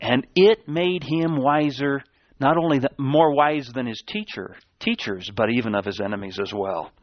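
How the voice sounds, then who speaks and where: Captured on a dull, dry, lo-fi church tape with no echo, a man preaches a sermon in a medium-pitched voice at a moderate pace. He's emphatic, repeating key words and swinging between raising and dropping his voice.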